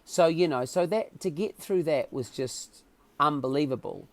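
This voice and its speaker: A man with a New Zealand accent and a fairly high voice is a guest on a podcast, speaking at a moderate pace with no echo. He tells stories in a casual interview, his delivery animated and emotional.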